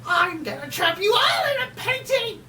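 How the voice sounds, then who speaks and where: A woman voicing a gloating male ghost king villain, shouting his taunts in a high, theatrical voice. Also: sing-song, normal speed, recorded from a distance, slight background noise, full character voice.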